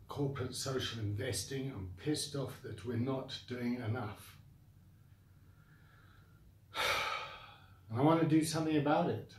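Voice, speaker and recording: A man's voice: mid-range voice, a little mellow, echoey room, recorded from a distance, slight background noise. A man with a South African accent who founded a coaching academy, bluntly venting his frustration straight to the camera with sighs and repeated complaints. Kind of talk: direct-to-camera rant.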